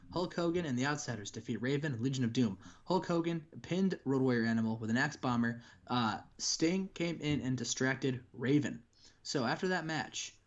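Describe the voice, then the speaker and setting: A man's voice: mid-range voice, lo-fi sound. A man co-hosting a game stream, recapping matches in a rambling way with many restarts. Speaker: co-host. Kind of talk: casual game recap chat.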